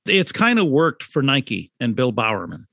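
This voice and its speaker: A man's voice: mid-range voice, big pitch swings, moderate pace, creaky, fairly bright tone, no echo, clean studio sound. A man, an author and brand consultant, talking in a podcast interview, emphatic, repeating key points and asking rhetorical questions.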